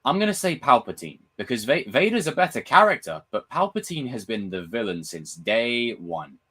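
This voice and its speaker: A young man chatting casually on his live stream, reading viewer comments, swearing freely and acting out film scenes with loud impressions. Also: mid-range voice, normal speed, breathy edge. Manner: animated, swearing, reads and answers chat comments. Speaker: livestream host.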